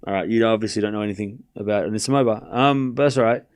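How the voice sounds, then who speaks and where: A man's voice: lowish voice, clear, resonant tone. Joking man hosting a tennis stream. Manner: joking, teasing chat, quick swings to mock anger. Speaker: livestream host calling tennis scores. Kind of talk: casual live watchalong commentary, reading chat.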